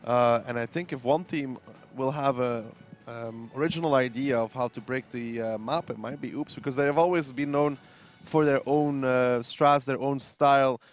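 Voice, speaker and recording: A man's voice: mid-range voice, fairly even intonation, moderate pace. A man giving esports analysis as co-caster, thinking aloud with frequent fillers. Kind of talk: esports commentary.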